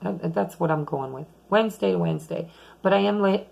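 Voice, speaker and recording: Gravelly-voiced woman giving a tarot reading. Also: lowish voice, a little fast, poor audio. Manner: chatty, rambling, talks softly at times. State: losing her voice. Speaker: tarot reader. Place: home late at night.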